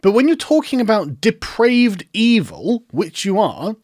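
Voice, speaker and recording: A man's voice: sits high, sing-song, measured pace, a little mellow, no echo. A man giving sarcastic commentary in a mocking, incredulous way, close to the mic. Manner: mocking, incredulous, breaks into laughter. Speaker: online commentator.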